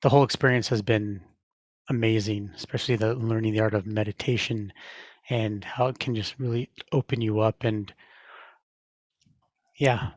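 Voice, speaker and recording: A man's voice: lowish voice, steady tone, normal speed, long pauses, dry recording, dull audio. A man being interviewed as a podcast guest, speaking earnestly and reflectively. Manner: earnest, reflective, laughs easily. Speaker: podcast guest, navy veteran. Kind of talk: casual interview chat.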